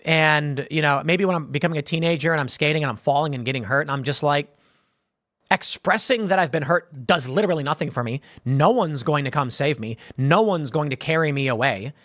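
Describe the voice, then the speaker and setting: A man's voice: on the high side, fairly quick, a bit bright, no room sound, studio quality. A man in his thirties hosting a live-stream show, rambling through casual commentary with frequent restarts and a conversational tone. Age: 30s. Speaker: show host.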